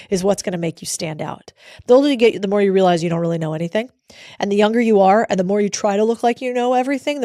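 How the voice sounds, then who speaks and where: An American woman in her thirties telling her career story in a candid, animated way, acting out the other voices in the conversations she recalls. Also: medium pitch, no room sound, clean studio sound. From United States. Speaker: speaker sharing career story. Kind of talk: motivational storytelling.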